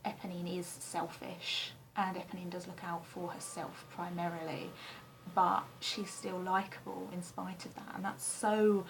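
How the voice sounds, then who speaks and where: A young woman from England chatting casually to camera in her flat, rambling and self-deprecating with frequent ums and the odd swear word. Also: on the low side, a little slow, creaky, a little hiss or hum, low-quality recording. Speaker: vlogger answering a tag questionnaire. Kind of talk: casual chat. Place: flat, indoors.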